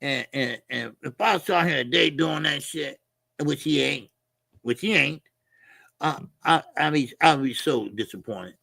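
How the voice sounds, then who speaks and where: A high-pitched man with a gravelly, husky voice rants loudly about boxing. He shouts and swears often. The sound is dry and close. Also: measured pace, dry recording. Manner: animated, shouting rants, profane, laughing. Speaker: boxing commentary channel host. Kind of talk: loud casual commentary.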